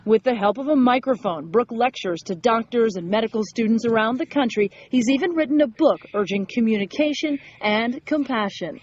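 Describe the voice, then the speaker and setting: A woman news reporter narrating a story in a steady, clear delivery. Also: on the high side, a little fast, hardly any pauses, dull audio, slight background noise.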